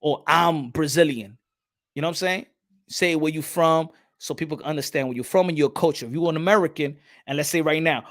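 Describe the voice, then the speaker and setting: A man hosts a podcast in a casual, animated way, repeating words and acting out little exchanges. He slips into Spanish phrases now and then, and his voice sits a little on the high side. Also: brisk. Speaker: podcast host. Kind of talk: casual talk.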